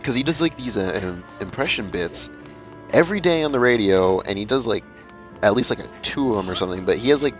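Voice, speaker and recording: A young man with a fairly low voice chats casually over gameplay, rambling and tripping over restarts as he goes. Faint game music plays underneath. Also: lively intonation, a little fast. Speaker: let's play gamer. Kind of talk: casual commentary.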